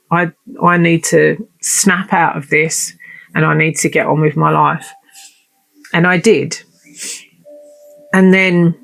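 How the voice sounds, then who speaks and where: A woman's voice: on the low side, creaky. A woman hosting her own show, telling a personal story in a heartfelt, emotional and chatty way. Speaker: podcast host.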